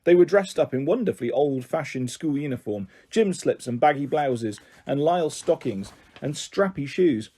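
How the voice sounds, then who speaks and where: A man reading a children's novel aloud in a gentle first-person narration. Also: a little high, lively intonation, moderate pace, few pauses. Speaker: storyteller.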